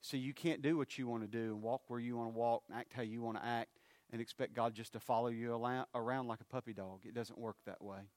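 A man, preaching a sermon. His loud, rising appeals drop to low, hushed phrases. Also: fairly even intonation, fast talker, few pauses, no echo.

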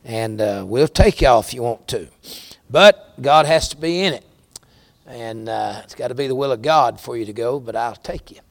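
A man's voice: mid-range voice, normal speed, vocal fry, dry recording. A middle-aged man with a Southern American accent, preaching a sermon in a folksy storytelling way. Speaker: pastor.

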